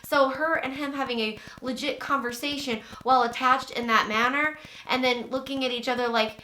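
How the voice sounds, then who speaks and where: Woman, sarcastic, opinionated, casual recap chat, bright voice, echoey room. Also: sits high, steady tone, normal speed, slight background noise. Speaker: podcast co-host.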